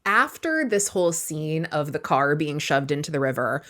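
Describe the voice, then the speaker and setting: A woman with a fairly low voice co-hosts a casual book podcast. She walks through the plot in a chatty way and breaks off for playful asides. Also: very animated, normal speed, a bit bright. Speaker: podcast co-host. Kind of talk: casual book-recap chat.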